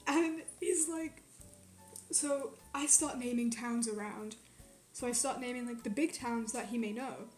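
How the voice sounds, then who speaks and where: A young woman from Quebec telling a story in a casual, animated way, swearing often and filling it with "like". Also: fairly high pitch, a little slow, echoey room. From Quebec, Canada. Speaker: streamer. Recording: faint music behind.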